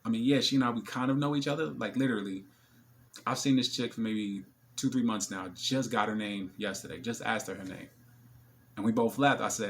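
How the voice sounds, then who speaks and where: A man tells stories in a loose, slangy monologue. His voice is gravelly at mid pitch, and he animates his stories by acting out other people. A faint hiss sits behind him. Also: fast, a bit bright. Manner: slangy, many fillers. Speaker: vlogger. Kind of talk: casual storytelling monologue.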